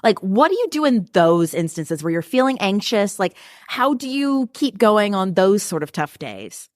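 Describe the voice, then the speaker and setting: A woman's voice: mid-range voice, big pitch swings, normal speed, dry recording, studio quality. A young woman hosting a podcast who chats casually, affirms her guest and laughs often. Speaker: podcast host. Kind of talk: casual interview chat.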